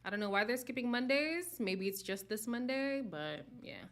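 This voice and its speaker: A woman's voice: fairly high pitch, lively intonation, normal speed. A young woman hosting a live stream, chatting casually and candidly with viewers and laughing often. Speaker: host of a live reality-show chat stream.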